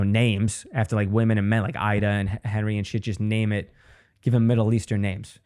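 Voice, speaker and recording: A man's voice: on the low side, dark tone. A male comedian rambling through a solo podcast monologue. His delivery is loose and profane, and he swears freely as he rants.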